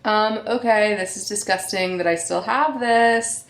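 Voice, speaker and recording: A woman's voice: mid-range voice, slow pace, hardly any pauses, roomy sound. A woman in her thirties, a beauty vlogger chatting candidly to viewers at home. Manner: chatty, candid, addresses viewers as you guys. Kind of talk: casual chat.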